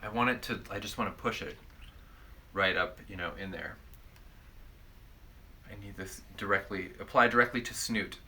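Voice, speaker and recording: A man's voice: fairly low pitch, normal speed, pauses often, pushed and bright, slight background noise. A man casually chatting as a perfume reviewer, playful and rambling, full of jokey descriptions. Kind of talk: casual chat.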